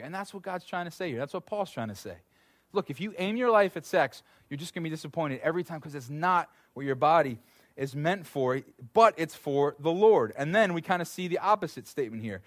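A man in his thirties preaching a sermon in a lively, conversational way, full of asides and restarts. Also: fairly high pitch, a little fast, no echo, clean studio sound. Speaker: pastor.

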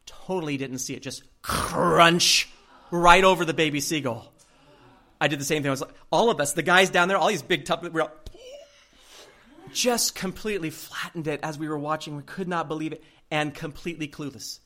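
Lively male preacher, slightly high voice, animated storyteller who laughs a lot. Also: brisk. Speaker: pastor. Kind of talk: sermon with personal story.

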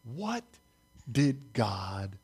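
A man preaching a sermon, speaking slowly and deliberately, stressing key words and putting questions to his listeners. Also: mid-range voice, sing-song, vocal fry, a little mellow, breathy edge.

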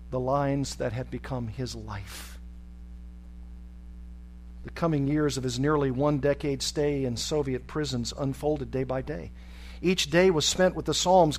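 A man preaching, narrating a dramatic story in a measured way that slows for emphasis. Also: on the high side, a little hiss or hum, low-quality recording.

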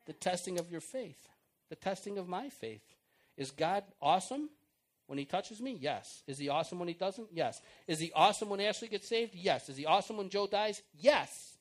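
Man, middle-aged, informal sermon, animated, acts out prayers and dialogue. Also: sits high, normal speed. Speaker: preacher.

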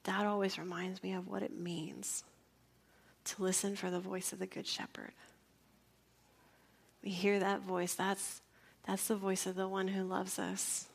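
A middle-aged woman, giving a sermon that mixes a personal story with prayer, often dropping into a soft, intimate whisper. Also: mid-range voice, completely flat delivery, a little slow, gravelly. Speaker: preacher.

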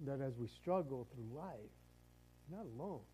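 A man's voice: medium pitch, animated, normal speed, dark tone, a little hiss or hum, low-quality recording. A man preaching a sermon in a conversational way, often stumbling and restarting his words. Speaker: pastor.

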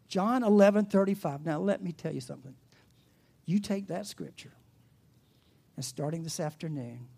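A pastor preaching a sermon, animated and asking the congregation questions, dropping to a soft, hushed voice in reflective passages. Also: mid-range voice, normal speed, vocal fry, long pauses, husky.

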